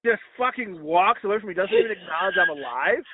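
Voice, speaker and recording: A husky, expressive man speaks fast as he co-hosts a podcast, telling loose, crude stories that mock himself. When he re-enacts what others said, his voice jumps high. It's informal storytelling chat captured in dry, phone-like lo-fi audio.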